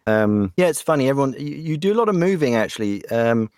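A man from the West Country of England, a voice actor chatting as a podcast guest in a playful, animated way. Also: mid-range voice, fast, no echo, studio quality. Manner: animated, playful, slips into accents. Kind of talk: casual interview chat.

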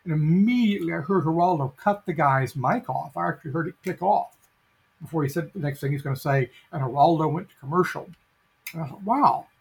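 A man's voice: fairly high pitch, a little fast, creaky, a little mellow, slightly rough, poor audio. A middle-aged man telling a long story as an interview guest, with a rambling, anecdotal delivery full of fillers and restarts. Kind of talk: casual storytelling.

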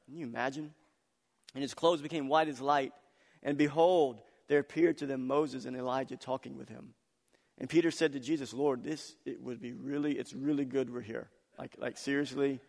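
A pastor preaches a sermon, sharing family stories with laughter and swinging from loud, excited passages to soft, hushed ones. His voice is medium-pitched and gravelly, heard through a long hall reverb.

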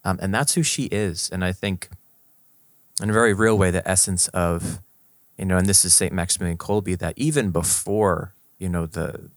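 A man, a priest co-hosting a podcast, talks reflectively about faith, unhurried and pausing to search for words. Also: low-pitched, fairly even intonation, dry recording, studio quality. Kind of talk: casual faith discussion.

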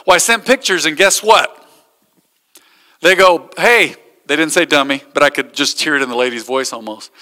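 A man's voice: on the high side, normal speed, bright, forceful tone, big-room sound. A man, a pastor, preaching a sermon and telling stories with acted-out quotes. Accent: American.

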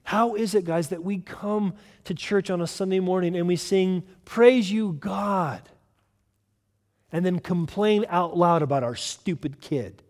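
A male pastor preaching a sermon with emphatic delivery, swinging from loud urgent lines to hushed ones. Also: high voice, moderate pace, hardly any pauses, in a large hall.

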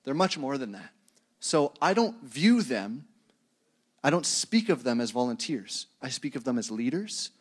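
A man's voice: mid-range voice, sing-song, unhurried, husky. A male pastor delivering a sermon in a loose, conversational tone. He talks to the congregation like friends, poking fun at himself when he drifts off topic. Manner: conversational and self-deprecating, chuckles at his own tangents.

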